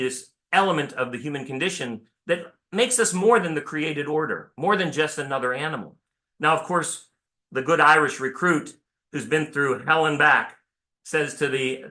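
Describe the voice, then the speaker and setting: A man's voice: a little high, bright, forceful tone. A man from Pennsylvania, a priest preaching a sermon in a conversational way, restarting phrases and asking rhetorical questions. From Pennsylvania, United States. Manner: conversational, self-correcting, full of rhetorical questions.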